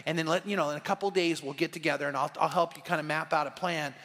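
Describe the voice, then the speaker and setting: A man's voice: a little high, fairly even intonation, quick pace, a bit bright. A middle-aged man preaching an evening sermon as pastor, telling stories in an earnest, conversational way. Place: church sanctuary. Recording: long reverb of a church hall.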